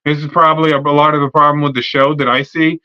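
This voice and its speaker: A man's voice: on the high side, flat delivery, fast talker, smooth, lo-fi sound. A man hosting a wrestling podcast, rambling through a profane, filler-heavy fantasy-booking rant in casual talk. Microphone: streaming setup mic.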